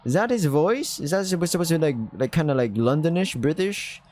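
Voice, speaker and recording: A man's voice: a little high, expressive, fairly quick, a little mellow. A man casually reading a visual novel aloud, breaking off with chatty, self-mocking asides. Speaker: gaming YouTuber.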